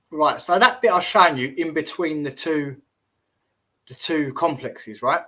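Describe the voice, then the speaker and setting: A man's voice: on the high side, a little slow, pushed and bright. A man hosting a casual livestream, rambling and exclamatory, often trailing off and restarting mid-sentence. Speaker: host.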